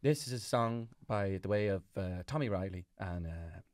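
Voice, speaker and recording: Low, mumbling pub regular, as a man puts him on, too confident, murmuring an offhand introduction to his song in a dry, close podcast sound. He drops his voice and trails off casually. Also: normal speed, a little mellow, no echo, natural voice.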